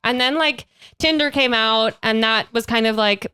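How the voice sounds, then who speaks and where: Young woman with a bright, smooth voice. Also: on the high side, dry recording. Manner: agreeable, frequent quick backchannels. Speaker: podcast co-host. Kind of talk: casual chat.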